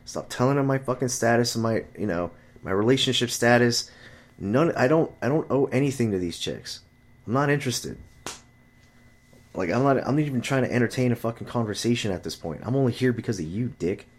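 An animated man, talking a little fast, rants casually about his friends and dating. He swears often and tells his exasperated stories by jumping his voice high to mimic chatty friends and women.

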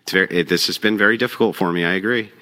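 A man's voice: low voice, rapid-fire, bright, forceful tone. A man in a casual debate, asking probing questions.

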